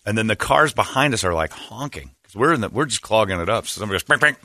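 A radio host tells a story casually and animatedly, acting out the voices of the people in it. His voice is on the low side and quick, with clean studio sound and no echo.

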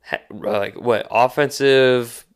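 Smooth-voiced animated male podcast co-host. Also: medium pitch, slow. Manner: animated, slangy, acts out quotes. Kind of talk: casual sports talk.

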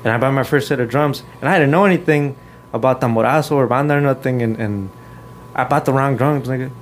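Fast-talking and mid-range, a twenty-something guest musician relaxes into casual storytelling, dropping Spanish words and plenty of swearing. Slight hiss or hum sits under the audio.

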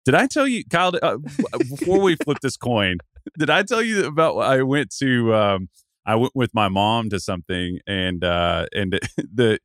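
Male podcast guest, expressive and low, joking anecdotes, dry close sound. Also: moderate pace, no echo. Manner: animated storyteller, laughs often. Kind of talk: casual sports chat.

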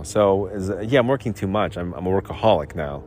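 A man hosting a solo podcast, rambling sarcastically about his day, clearing his throat and coughing now and then as he comes down with a cold. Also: low voice, lively intonation, a little mellow, a little hiss or hum. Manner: sarcastic, self-mocking, puts on quick voices for quotes. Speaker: podcast host.

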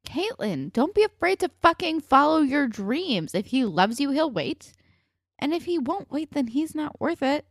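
A woman's voice: high voice, very animated, normal speed, dry recording, clean studio sound. A young woman co-hosting a casual podcast, blunt and exasperated, swearing freely as she vents. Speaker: podcast co-host. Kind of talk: casual chat.

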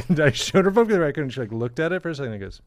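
A man's voice: a little high, big pitch swings, racing, no echo. Guy podcast cohost cracking jokes, dead dry sound, lots of laughing. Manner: joking, laughs often. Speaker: podcast co-host. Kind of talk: casual chat.

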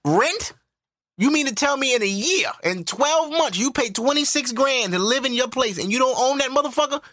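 A man rants into the mic on his podcast, loud, profane and disbelieving. His voice sits high and sounds bright. The room is dry. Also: animated, moderate pace, no room sound. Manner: loud, profane, incredulous ranting. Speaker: podcast host. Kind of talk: ranting solo podcast commentary.

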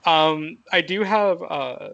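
A man's voice: a little high, slow, creaky, fairly bright tone, dull audio. A young man co-hosting a podcast, rambling casually with lots of fillers and frequent laughs. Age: young adult. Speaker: podcast co-host.

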